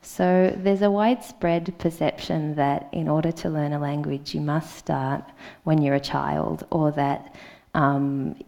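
Her low, gravelly voice has a dark tone, fairly even intonation and a measured pace. She's an Australian woman in her thirties delivering a hesitant conference-hall talk peppered with ums and uhs.

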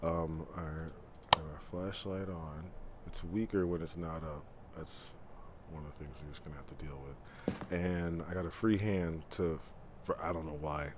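A man's voice: a bass voice, steady tone, moderate pace. A man streaming a horror game, talking to himself in a nervous, muttering way and sometimes whispering. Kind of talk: casual live-stream commentary. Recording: noisy stream audio with game ambience.

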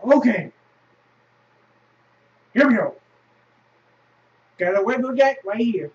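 High-pitched man in lo-fi game commentary. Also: animated, slow, long pauses. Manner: frustrated, swearing, sudden loud outbursts. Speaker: gamer. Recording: roomy, distant, dull lo-fi.

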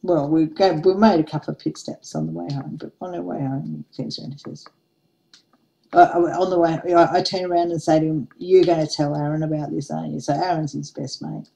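Lower, mellow-voiced woman in her forties telling a story. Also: brisk, gravelly, poor audio. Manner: chatty, laughs often while telling a funny story. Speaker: craft vlogger. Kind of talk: casual storytelling chat while crafting.

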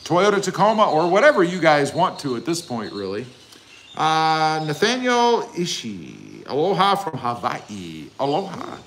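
Lively bright-voiced man hosting a livestream. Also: fairly high pitch, measured pace, slight background noise. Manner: reads viewer comments aloud and answers them jokingly. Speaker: livestream host. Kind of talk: casual livestream chat.

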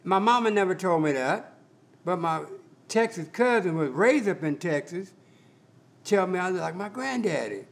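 A man's voice: high voice, animated, moderate pace, vocal fry. An older man telling his life story in a casual, colloquial interview and acting out the voices of people he quotes. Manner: colloquial, laid-back, acts out quoted voices. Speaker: interviewee, cowboy.

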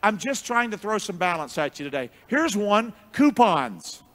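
A man preaching a sermon as pastor, with call-and-response, booming shouts and hushed asides. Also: sing-song, normal speed. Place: church sanctuary.

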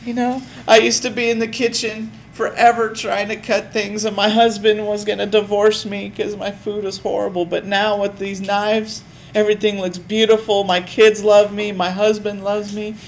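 A gushing housewife from a knife infomercial, as a male teacher puts her on, pitched well up and breathless with gratitude. She pours out her testimonial in a tearful, overexcited rush. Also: flat delivery, normal speed, a little hiss or hum, poor audio.

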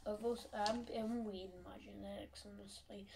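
A teenage girl from Australia with an Australian accent, rambling fast and mocking herself in a casual vlog while tidying her bedroom, often dropping to a whisper. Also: medium pitch, steady tone, gravelly. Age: teens. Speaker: vlogger. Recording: distant phone mic with background hiss.

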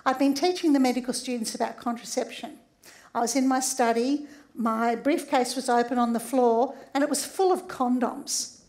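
A woman's voice: high-pitched, moderate pace, a little mellow. A middle-aged woman with an Australian accent, a sex therapist and doctor giving a humorous public lecture and often checking in with the audience.

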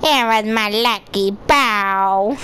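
A woman giving playful, excitable commentary while playing a game, talking to the characters on screen. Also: a little high, a little hiss or hum. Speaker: gamer. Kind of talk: casual gameplay commentary. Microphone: headset or desk mic.

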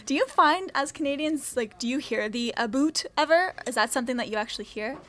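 A woman's voice: high-pitched, expressive, fairly quick, a bit bright. A young woman hosting a casual music interview, giggly and friendly.

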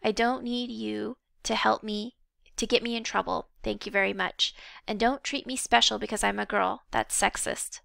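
A woman reading the lines of a stubborn, sharp-witted schoolgirl with quick indignant retorts. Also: mid-range voice, steady tone, vocal fry, no room sound, clean studio sound.

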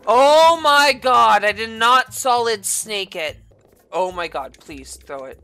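A woman hosts her gaming channel with ranting gameplay commentary and constant swearing, lurching from low mutters to screaming outbursts. Her voice is expressive, slow and sharp, with soft music in the background.

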